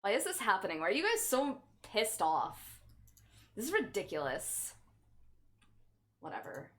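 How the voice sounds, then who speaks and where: A woman's voice: medium pitch, huge pitch swings, measured pace. A woman livestreamer chatting casually with her chat in a playful, teasing, mock-offended way.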